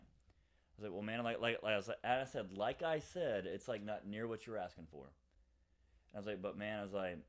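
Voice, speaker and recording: A young man, a podcast co-host, telling a rambling story in casual chat with lots of fillers. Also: fairly low pitch. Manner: rambling, fast, many fillers and acted quotes.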